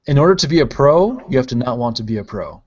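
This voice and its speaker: A man's voice: mid-range voice, big pitch swings, fast talker, a little mellow. A man from Ohio hosting a live-stream podcast, casually chatting and playfully reading out viewer comments. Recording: dull lo-fi stream audio.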